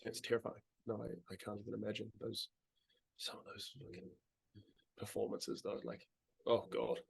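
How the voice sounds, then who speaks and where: Kiwi guy on a podcast, husky voice, laid back, swears a lot. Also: lowish voice, moderate pace. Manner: relaxed, swears casually, trails off. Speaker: podcast guest. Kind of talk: casual chat.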